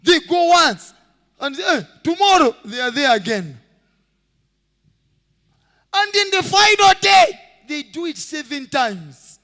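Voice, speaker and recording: A male pastor preaches with a very high, lively voice that swoops up and down. His tone is bright and forceful, and it rings with a long reverb from the hall. He shouts and sings out phrases and acts out the people in his stories. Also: slow, long pauses. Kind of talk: sermon.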